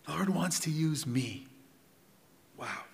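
A middle-aged man preaching a sermon in a conversational way, asking the congregation questions and swinging between loud and hushed. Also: on the high side, expressive, takes it slowly, vocal fry, big-room sound. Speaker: pastor. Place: church hall.

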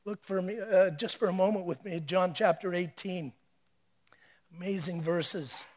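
Male preacher, high-pitched, emphatic sermon delivery with hushed and loud swings. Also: moderate pace.

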